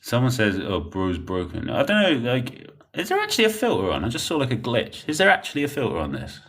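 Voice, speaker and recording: A man's voice: medium pitch, huge pitch swings, quick pace, a bit bright. A young man, chatting bluntly and rambling while reading comments on a livestream. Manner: blunt, rambling, laughs often.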